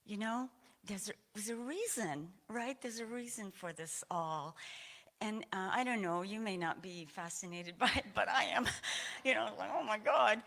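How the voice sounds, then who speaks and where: A woman's voice: mid-range voice, normal speed, a bit bright. A woman from Aroostook County, Maine, sharing a personal testimony at a church service in a meandering, conversational way, audibly emotional.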